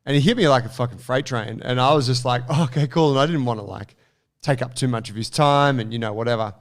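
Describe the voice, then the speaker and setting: A man co-hosting a podcast, telling a story in an animated, casual way with lots of fillers and some swearing. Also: mid-range voice, fast. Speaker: podcast co-host.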